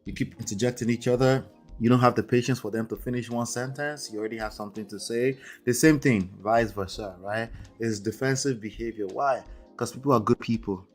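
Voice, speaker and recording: A man's voice: mid-range voice, brisk, soft background music. A man with an accent, hosting a live marriage-coaching stream in a conversational way, often checking in with "right?" and "okay?". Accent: non-native English accent. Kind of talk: livestream talk.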